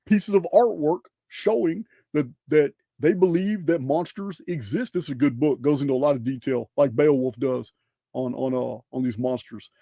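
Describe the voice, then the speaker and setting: A man presents slides in a loose, emphatic way, piling up rhetorical questions and restarting phrases as he goes. His voice is fairly high and gravelly, with a dark, mellow tone. The sound is dry and close. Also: dry recording. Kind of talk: casual presentation over slides.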